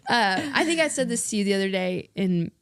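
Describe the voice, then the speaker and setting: A woman's voice: mid-range voice, animated, fairly quick, vocal fry, a bit bright, clean tone, no echo, studio quality. A woman co-hosting a podcast, chatting casually and earnestly with friends, affirming them and laughing often. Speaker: podcast co-host. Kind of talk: casual chat among friends.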